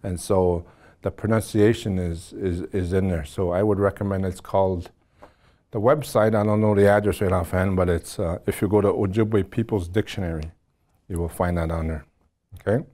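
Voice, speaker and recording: A man's voice: sits low, steady tone, normal speed, warm tone. A middle-aged man teaching a language class, patiently repeating words and spelling them out.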